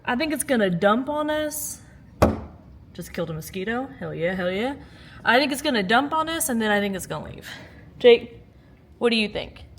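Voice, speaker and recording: A woman's voice: a little high, animated, moderate pace, long pauses, a little hiss or hum. A woman vlogging casually at home, chatty and joking, laughing often and swearing casually, recorded on a handheld phone. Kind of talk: casual vlog chat. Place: at home during a storm.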